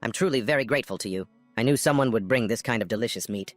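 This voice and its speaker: A man's voice: mid-range voice, quick pace, dry recording, soft background music, close to an everyday voice. Man doing a preachy meat-obsessed chef. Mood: praising. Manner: grand, preaching.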